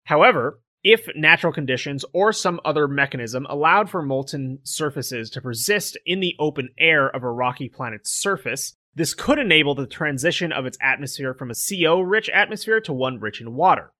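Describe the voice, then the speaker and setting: A man's voice: a little high, lively intonation, normal speed, hardly any pauses, bright, forceful tone. A man co-hosting a casual podcast, steadily reading out and explaining a science article. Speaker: co-host.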